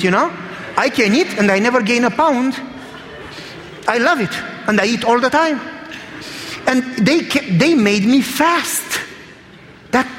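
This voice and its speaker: A man's voice: very high voice, fairly bright tone, in a large hall, a little hiss or hum. A man preaching a sermon in a church, telling stories in an emphatic, conversational way.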